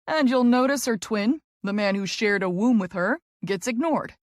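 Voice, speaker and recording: A woman's voice: on the high side, steady tone, moderate pace, dry recording, studio quality, pitched above the performer's own voice, lightly acted. A woman voicing a joking adult brother with a mock-huffy, teasing manner.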